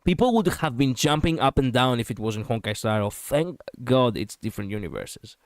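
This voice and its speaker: A man streaming a game, commenting casually in an excitable, profane, ranting way on a close mic. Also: medium pitch, moderate pace, dry recording.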